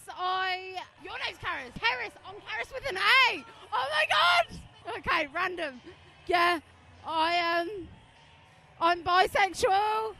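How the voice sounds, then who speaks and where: Bubbly bright high-voiced woman. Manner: bubbly, giggly, a bit flustered. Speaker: parade attendee. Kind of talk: street interview. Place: outdoors at a street parade.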